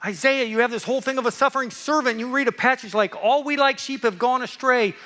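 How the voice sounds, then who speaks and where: A man preaching a lively sermon, playful and animated, swinging from loud excitement to hushed asides. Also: extremely high pitch, fast, long reverb tail.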